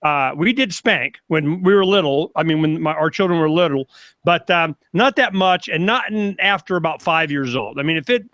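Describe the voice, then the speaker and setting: An older man and grandfather talking casually as a panel guest on a video call, rambling and animated as he tells stories. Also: on the high side, moderate pace, no room sound.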